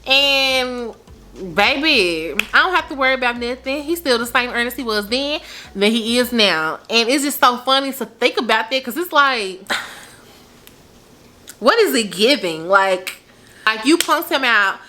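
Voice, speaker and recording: A young adult woman telling a story in casual, animated vlogger chat, her pitch swooping up for emphasis. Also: unhurried, a little hiss or hum.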